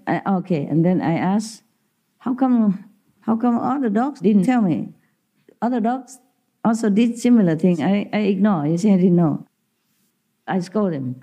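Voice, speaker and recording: A woman's voice: fairly low pitch, dark tone. A woman talking as a spiritual teacher, telling stories casually with frequent laughter in non-native English grammar. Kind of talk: casual storytelling talk.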